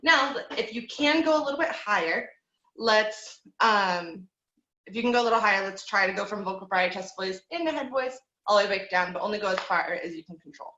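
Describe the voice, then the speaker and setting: A woman's voice: medium pitch, lively intonation, a little fast, sharp tone, roomy sound, dull audio. A woman teaching a group voice lesson over a video call, coaching in an easy, encouraging way with plenty of fillers.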